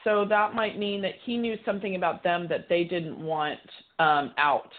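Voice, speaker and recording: A woman's voice: on the low side, fairly even intonation, normal speed, phone-quality sound. A woman psychic medium giving a live reading on a call-in show, chatty, relaying messages as quotes.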